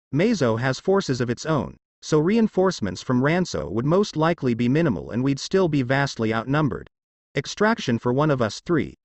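A man voicing a cold, analytical male ninja leader in a fan story reading, speaking in a clipped monotone. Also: medium pitch, dry recording.

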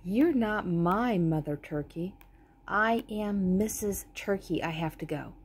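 A woman voicing a fussy, forgetful female turkey in a storybook read-aloud, lifting her voice higher for the part. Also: animated, slow pace, breathy edge, heavily acted.

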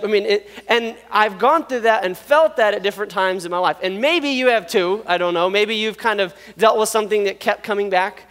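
A man preaching a sermon, telling a personal story in an animated, self-deprecating way and laughing often, recorded in a church auditorium. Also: high voice, fairly quick, few pauses, clean tone. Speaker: pastor. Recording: long reverb of a large hall.

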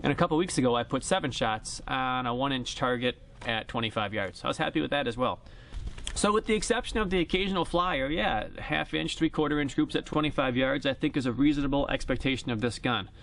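At an outdoor shooting range, a man reviews an airgun in a relaxed, joking vlog, talking in a plain, chatty way. His medium-pitched voice is fairly quick, creaky and fairly bright, with slight background noise. The sound comes from a directional mic on the camera.

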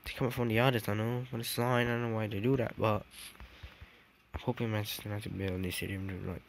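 A man's voice: on the low side, flat delivery, fast, vocal fry. A young man giving a rambling, self-correcting walkthrough of a game build, saying "dude" often. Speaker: gaming vlogger. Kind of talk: casual game walkthrough commentary. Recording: noisy background hiss with clicks.

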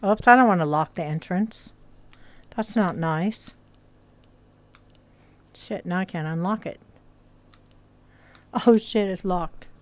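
A woman's voice: fairly low pitch, slow, long pauses, dry recording. A woman live-streaming from a VR headset, talking casually to her chat, muttering and swearing under her breath as she fiddles with settings. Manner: bright and greeting toward chat.

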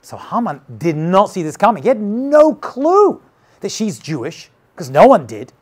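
A man's voice: high-pitched, big pitch swings, measured pace, a little mellow, husky. A man teaching as a rabbi, who retells a scripture story in a dramatic, casual way. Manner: dramatic, casual, retells scenes with acted quotes. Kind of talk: animated storytelling lesson.

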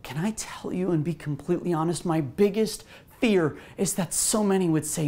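A woman pastor preaching a sermon in an animated way, asking the listeners rhetorical questions. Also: fairly low pitch, moderate pace.

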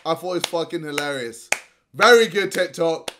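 Loud, swearing young man. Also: fairly high pitch, normal speed, background noise. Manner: loud, profane, laughs often. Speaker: YouTuber rating videos. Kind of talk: casual reaction commentary. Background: music from played clips.

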